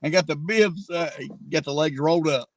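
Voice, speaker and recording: A man's voice: a little high, moderate pace, a loud crowd. A man with a who rides along in the parked car and drops in short, joking remarks. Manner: brief, joking interjections. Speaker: passenger and co-host. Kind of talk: casual chat.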